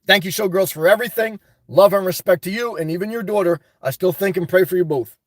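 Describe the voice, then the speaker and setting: A man hosting a livestream from inside his car, reading out viewer comments and answering bluntly, often breaking into loud, laughing rants. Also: high voice, fast talker, no room sound. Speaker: livestream host. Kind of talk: live-stream chat reading.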